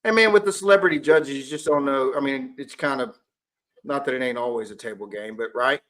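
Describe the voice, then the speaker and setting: A man's voice: medium pitch, a little fast, fairly bright tone. A man hosting a podcast, asking conversational questions and ribbing his guest in casual chat. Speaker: podcast host.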